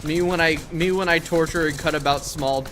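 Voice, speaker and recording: A man's voice: a little high, fairly even intonation, fairly quick, fairly bright tone, faint music behind. A man streaming a video game live, talking to chat in a profane, exasperated rant. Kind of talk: live gaming stream commentary.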